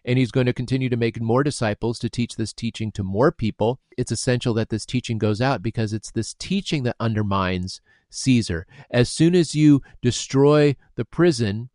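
Mid-pitched man, dry close sound, patient explainer of scripture. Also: moderate pace, few pauses, a little mellow, dry recording. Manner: explanatory, uses homely examples. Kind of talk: scripture discussion.

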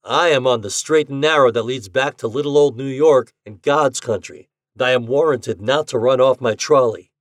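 A man's voice: mid-range voice, normal speed, no echo, clean studio sound, lightly acted. A man voicing a breezy, slangy young American con man in a story reading. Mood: confiding. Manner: breezy, amused slangy talk. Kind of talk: audiobook character reading.

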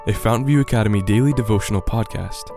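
A man narrating a scripted devotional story in a measured, earnest way. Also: on the low side, vocal fry, music in the background. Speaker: podcast narrator.

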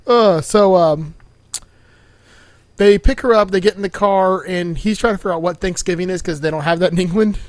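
A man's voice: high voice, normal speed, no room sound. A man casually recapping a movie with friends, laid-back and laughing, swearing freely and acting out lines. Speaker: podcast host.

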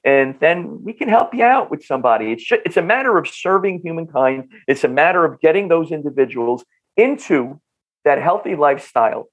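A man with a North Jersey accent speaks as a podcast guest, a little higher in pitch than most men. He is animated and keeps restarting his sentences with repeated words. The sound is dull and lo-fi. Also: a little fast. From New Jersey. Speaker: health practitioner guest. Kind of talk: podcast interview.

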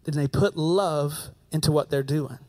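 High-voiced American man preaching. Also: unhurried, darkish tone. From United States. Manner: storytelling, conversational, repeats key phrases. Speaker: pastor. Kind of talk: sermon.

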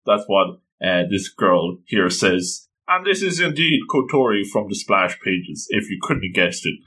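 A man's voice: lowish voice, big pitch swings, unhurried, few pauses, sharp tone, low-quality recording. A man casually recapping an anime episode with enthusiastic, gushing commentary. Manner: enthusiastic, gushing, acts out quotes.

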